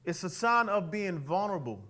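In a high voice at normal speed, a pastor delivers a lively, conversational sermon that prompts his congregation to call back in response.

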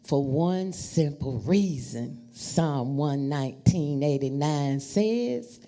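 A woman preaching a storytelling sermon, talking to the congregation in an animated, familiar way. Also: low-pitched, takes it slowly. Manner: animated, addresses the congregation as y'all.

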